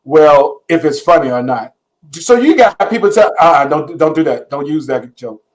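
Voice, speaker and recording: A man's voice: fairly high pitch, expressive, moderate pace, low-quality recording. A middle-aged man, hosting a casual interview, cheering and teasing his guest. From Atlanta, US. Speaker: coach and interview host.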